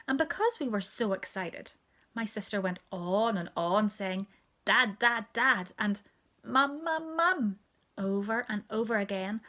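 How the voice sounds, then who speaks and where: A woman with a medium-pitched voice reads a children's story aloud in storybook fashion. Her reading is expressive, dropping to a hushed, almost whispered tone for the quieter asides.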